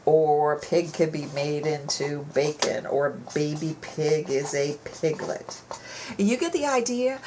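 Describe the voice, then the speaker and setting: A woman's voice: sits low, slight background noise. A woman author giving a playful writing lesson to children, lingering on her puns and repeating them.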